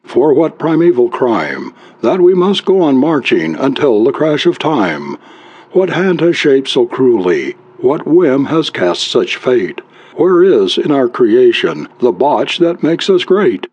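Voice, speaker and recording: Man doing a brooding husband, hesitant, mumbling, husky, dry close sound. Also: mid-range voice, big pitch swings, takes it slowly, darkish tone, no echo, dull audio, voice pushed up, exaggerated voice. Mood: reciting. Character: hunched, brooding husband who writes grim poems.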